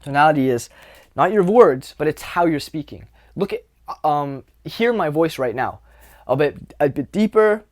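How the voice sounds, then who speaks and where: A man's voice: fairly high pitch, lively intonation, normal speed. A young man giving a casual coaching talk to camera, loose and conversational, with lots of fillers and repetition, swearing now and then. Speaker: dating coach.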